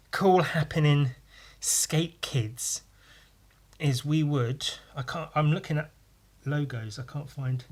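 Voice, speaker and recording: A man's voice: on the high side, bright, forceful tone. A man hosting a podcast, rambling casually with crude, self-mocking humour while he draws. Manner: talks while drawing. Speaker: podcast host.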